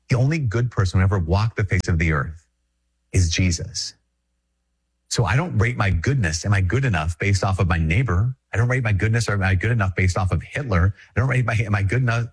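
A Catholic priest from Minnesota giving a conversational, emphatic reflection, repeating phrases and chuckling often. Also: male voice, fairly low pitch, expressive, a little fast, slightly rough. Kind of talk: spoken reflection to an audience.

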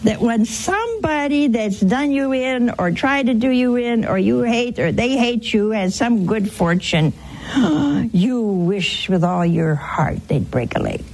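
A woman's voice: on the high side, animated, unhurried, few pauses, a little mellow, slight background noise, poor audio. A woman giving a folksy, wry sermon-style teaching on air, speaking straight to her listeners. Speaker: religious broadcaster.

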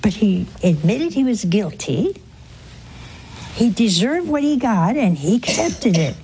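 A woman's voice: medium pitch, big pitch swings, a little slow, dark tone, a little hiss or hum. An older woman preaching a sermon, telling stories and acting out the voices in them, sometimes dropping to a whisper. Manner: storytelling with acted-out quotes and whispers. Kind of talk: sermon on a gospel parable.

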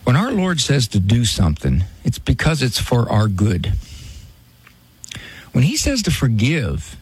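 A man's voice: fairly high pitch, husky, no room sound. A middle-aged American man hosting a Christian call-in radio show, folksy and pastoral, repeating the phone number. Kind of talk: casual call-in radio talk.

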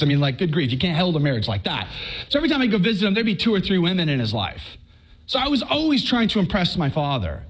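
Guy, middle aged, kinda high voice, telling his testimony to a crowd, jokey then preachy. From Texas. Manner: lively, joking, then earnest and preachy. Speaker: speaker giving a personal testimony. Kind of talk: animated storytelling to a live audience.

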